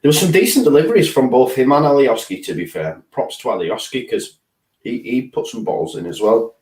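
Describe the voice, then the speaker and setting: A man's voice: mid-range voice, animated, brisk, a little mellow, distant mic. An easygoing, jokey man chats about football as co-host, tired late at night. His voice sits a little away from the mic, in an echoey room. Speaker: fan channel co-host. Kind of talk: casual football chat.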